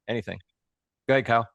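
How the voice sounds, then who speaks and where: A man's voice: mid-range voice, vocal fry, fairly bright tone, no room sound, highs cut off. A man hosting a live group coaching call, explaining things step by step in a conversational way.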